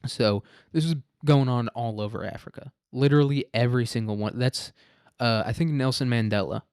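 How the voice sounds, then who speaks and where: A man's voice: medium pitch, fairly quick, darkish tone, smooth, no echo. A man hosting a history podcast in a loose, profane, rambling monologue full of restarts and asides.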